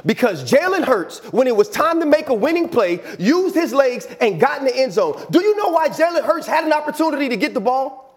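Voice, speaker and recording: A man analyst on a sports talk show, arguing fiery, rhetorical points and building to shouts. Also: very high voice, sing-song, brisk, few pauses. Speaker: former player analyst.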